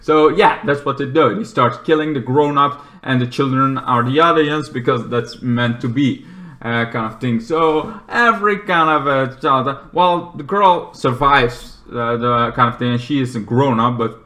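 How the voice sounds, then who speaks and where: Speaking a little slowly at medium pitch, a man gives a loose, meandering film review. He keeps starting over and sometimes yells out loud impressions.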